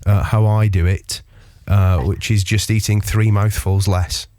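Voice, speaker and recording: A man's voice: lowish voice, level tone, unhurried, darkish tone, no echo. A male radio host in casual chat, making dry, joking asides in a studio.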